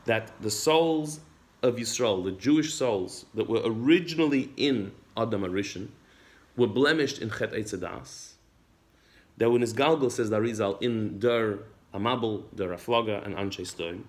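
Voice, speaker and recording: A low-voiced man teaching a religious text class. He reads Hebrew passages and then explains each one in plain English. His delivery is unhurried, with frequent repeated words. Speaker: Torah teacher.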